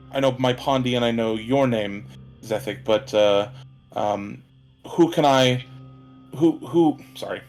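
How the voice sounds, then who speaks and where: A man voicing a gentle, doting woman who hosts guests at her table, hesitant and full of restarts. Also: mid-range voice, lightly acted. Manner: hesitant, restarts often, drawn-out words. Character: gentle motherly woman host, doting creator.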